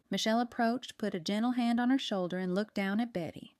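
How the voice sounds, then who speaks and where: Smooth-voiced woman audiobook narrator. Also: medium pitch, a little fast, few pauses, no room sound, studio quality. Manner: expressive, voices each character. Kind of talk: scripted narration.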